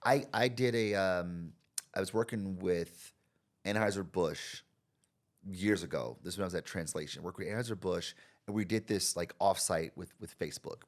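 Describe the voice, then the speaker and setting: A man's voice: low-pitched, normal speed. An American man, a marketing expert guesting on a podcast, talking conversationally and acting out the people in his stories with big jumps in his voice. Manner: animated, acts out quoted people with big jumps in voice. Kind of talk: conversational interview storytelling.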